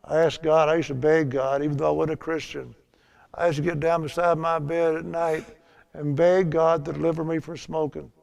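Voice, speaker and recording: A man's voice: a little high, level tone, moderate pace, creaky, a little mellow, muffled recording. An older man teaching a Bible lesson in a chatty storytelling way, laughing at his own tales.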